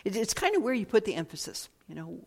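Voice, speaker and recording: A woman giving a thoughtful, reflective talk at an unhurried pace, often repeating phrases and pausing to find words. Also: mid-range voice, sing-song. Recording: long hall reverb.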